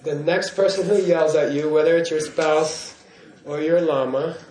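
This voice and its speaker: A man's voice: fairly high pitch, steady tone, moderate pace, a little mellow. A man giving a Buddhist teaching in class, in a playful way, often checking in with his listeners. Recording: roomy hall echo.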